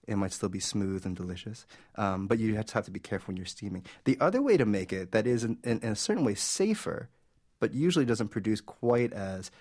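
Low-voiced man explaining a recipe. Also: very animated, brisk, a little mellow. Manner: explanatory, enthusiastic, with fillers. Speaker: food editor guest. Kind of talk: radio interview.

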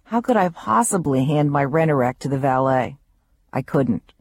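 A woman reading her own memoir aloud, wry and vivid in her storytelling. Her voice is warm and mellow, recorded close and dry with no room sound. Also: extremely low pitch, lively intonation, moderate pace, dry recording.

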